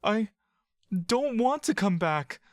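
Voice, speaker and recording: The audio drama narrator voicing Bach, a frightened young boy adventurer who is burned and pleading, in a high, strained voice. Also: big pitch swings, takes it slowly, dry recording, clean studio sound. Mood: defiant.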